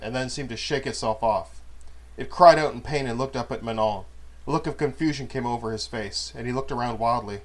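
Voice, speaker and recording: Male narrator, mid-pitched, steady audiobook read of a fantasy serial.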